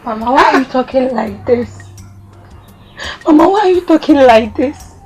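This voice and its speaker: Pleading young daughter. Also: female voice, high-pitched, lively intonation, normal speed, darkish tone, husky, faint music behind. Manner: pleading, plaintive. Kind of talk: film acting.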